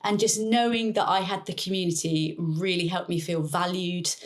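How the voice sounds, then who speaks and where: A woman guest with a somewhat low voice, talking through her personal story in an earnest, reflective way. She laughs softly now and then while she speaks. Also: steady tone, normal speed. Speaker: interview guest, neuroplasticity coach. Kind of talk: personal story in a podcast interview.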